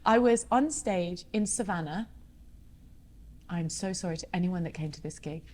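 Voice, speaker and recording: A woman in her thirties, a singer being interviewed, chatting casually and telling animated stories with frequent laughs. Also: fairly low pitch, normal speed. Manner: chatty, animated storyteller who laughs often. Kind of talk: casual chat.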